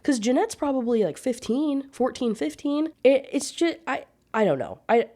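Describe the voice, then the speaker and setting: A woman's voice: sits high, very animated, normal speed, dark tone. Exasperated young woman ranting about a book. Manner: sarcastic, exasperated, swears freely. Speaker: book reviewer. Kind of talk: casual ranting book review.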